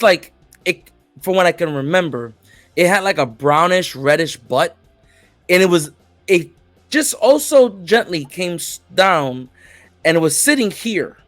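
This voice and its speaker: Rambling, laughing man with a fairly high voice. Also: a bit bright, dry recording. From grew up in Florida. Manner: rambling, laughing, restarts mid-sentence. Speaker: podcast co-host. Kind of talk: casual storytelling chat.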